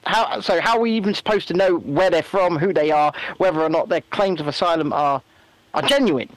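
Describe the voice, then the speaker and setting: A man chatting casually as a podcast co-host, animated and given to mocking voices. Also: a little high, a little fast, no room sound. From England. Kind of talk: casual political chat.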